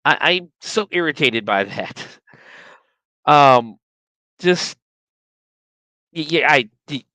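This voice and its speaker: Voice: mid-range voice, slow, long pauses, dry recording. A podcast host recapping a horror movie in a casual, ranting way, swearing freely and getting worked up over the plot. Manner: animated, profane, ranting.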